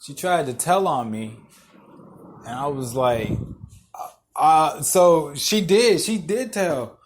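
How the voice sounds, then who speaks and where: A man's voice: on the high side, expressive, slow, a little hiss or hum. Profane young man telling stories. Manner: profane, blunt, laughs through stories. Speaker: podcast host. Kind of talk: casual storytelling monologue.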